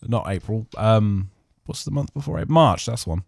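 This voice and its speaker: A man's voice: lowish voice, lively intonation, moderate pace, vocal fry, a little mellow, no room sound, studio quality. A man hosting a podcast, rambling through casual chat with many fillers and restarts. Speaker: podcast host.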